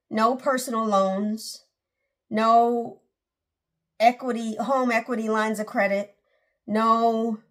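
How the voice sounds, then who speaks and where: A woman in her forties hosting a casual personal vlog, talking in a rambling, earnest way with many restarts, and emotional at times. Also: fairly high pitch. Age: 40s. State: emotional, close to tears. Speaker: channel host.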